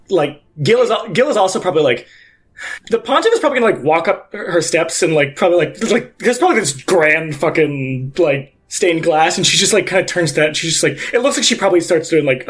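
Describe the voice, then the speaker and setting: A man's voice: a little high, a bit bright. A man narrating a tabletop game as game master, rambling with many fillers.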